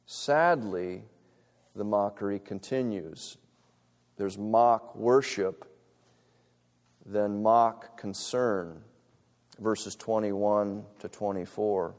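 Impassioned preacher in a reverberant hall. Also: male voice, very slow, long pauses. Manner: impassioned, swings from loud urgent peaks to low quiet asides. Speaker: pastor. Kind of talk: sermon. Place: church sanctuary.

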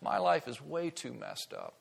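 A man's voice: on the high side, huge pitch swings, a little slow, creaky, slightly rough, long reverb tail, heavily acted. A man voicing an ashamed man who believes his life is too messed up to be helped. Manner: hushed, self-deprecating. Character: ashamed man who thinks himself too far gone.

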